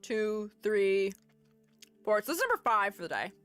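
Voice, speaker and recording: A woman streamer with a mid-range voice that is very animated, a bit bright, and smooth speaks at a moderate pace over soft background music. Critiquing art in a casual live-stream chat, she rambles, giggles at herself, and is self-deprecating.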